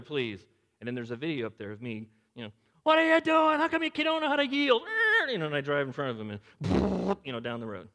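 An older man preaching a sermon as pastor, swinging between loud urgent lines and hushed, near-whispered quotes. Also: fairly high pitch. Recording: long hall reverb.

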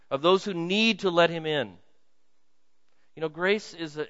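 A male pastor preaching a sermon in a pleading way, dropping to a hush and rising to loud appeals. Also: on the high side. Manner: pleading, swings from hushed to loud. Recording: muffled sound with long hall reverb.

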